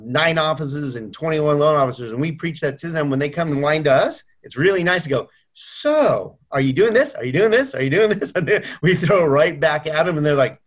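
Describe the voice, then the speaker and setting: A middle-aged man talks over a video call, earnest and warm in his storytelling. He slips into other people's voices when quoting them. His voice sits in a mid range. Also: mid-range voice. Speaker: mortgage company owner. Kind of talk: video call tribute chat.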